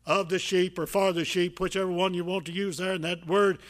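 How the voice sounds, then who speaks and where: An older man preaching a sermon as pastor, folksy and repetitive, full of "uh"s, swinging between loud emphatic lines and quiet asides. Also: sits high, fairly even intonation, a little fast, hardly any pauses.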